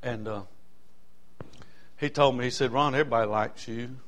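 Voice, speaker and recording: A male pastor preaching a sermon, fervent and folksy, moving from quiet asides to loud hollering. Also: mid-range voice, steady tone, moderate pace.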